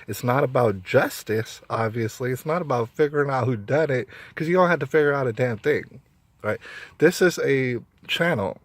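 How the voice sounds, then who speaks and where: A man delivering an opinionated monologue straight to his audience, emphatic and repetitive, circling back on his points and restarting sentences. His voice sits mid-range for a man, and the recording is dry and close with no room echo. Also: mid-range voice. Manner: emphatic, repeats himself, frequent restarts. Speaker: vlogger.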